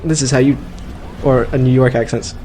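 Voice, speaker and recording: A man's voice: mid-range voice, steady tone, fairly quick, dark tone, a little hiss or hum. A man casually commenting over his own gameplay, cracking dry jokes and rambling through side remarks. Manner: dry, joking, rambling asides. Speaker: let's play host.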